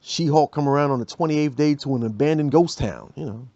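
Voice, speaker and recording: A man hosting a podcast, telling comic stories in an animated, slangy way. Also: a little high, fairly quick, no room sound, highs cut off. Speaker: podcast host. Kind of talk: comedic storytelling.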